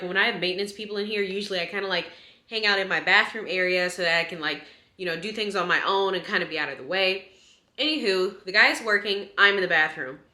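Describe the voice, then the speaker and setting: A young woman tells a storytime tale in a very bright, sharp voice. She chats animatedly, jumping up high when she gets indignant. Her small apartment kitchen gives the sound a roomy echo. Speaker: vlogger. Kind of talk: casual storytime chat. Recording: echoey room.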